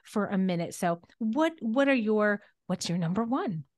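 A woman's voice: medium pitch, animated, moderate pace. A woman clinician hosting a podcast, chatty and encouraging toward her guest. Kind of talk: casual podcast interview.

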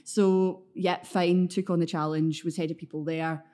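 Glaswegian woman, thirties, lower voice, chatty and self-deprecating interview guest. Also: flat delivery, moderate pace, warm tone. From Scotland, Glasgow area. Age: 30s. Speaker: podcast guest. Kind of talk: casual interview chat.

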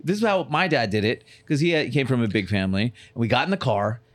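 Animated, joking comedian guest, a man. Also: medium pitch, fast talker, dry recording. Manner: deadpan, crude jokes, swears. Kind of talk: casual podcast chat.

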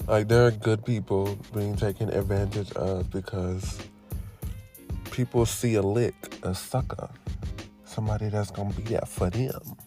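A man with a somewhat low voice holds forth on a casual solo podcast. He talks in an animated, sermon-like way, stacking rhetorical questions and slang, and wanders off on tangents before reining himself back in. Faint music plays behind him. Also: measured pace. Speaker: podcast host. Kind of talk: casual monologue.

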